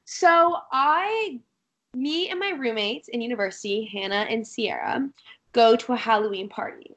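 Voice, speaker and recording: A young woman in her twenties hosts a casual podcast with a friend. Her voice sits slightly high, and she tells stories animatedly, full of fillers and playful mock drama. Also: moderate pace. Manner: animated storyteller, lots of "like", mock infomercial tone. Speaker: podcast co-host. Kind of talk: casual chat, storytelling.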